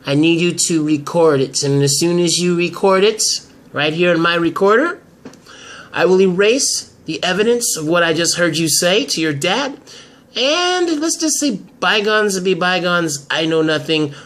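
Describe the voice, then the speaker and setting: A man voicing a confident woman lawyer in an amateur soap drama, making firm, drawn-out threats. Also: sits high, animated, fairly bright tone. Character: sharp, confident woman lawyer, cornering a blackmail target.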